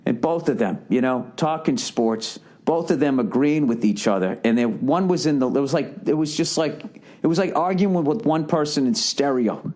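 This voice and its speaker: A man's voice: medium pitch, lively intonation, normal speed, a little mellow. A middle-aged man hosting a podcast, talking casually in a profane, worked-up rant. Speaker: podcast host. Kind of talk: casual monologue.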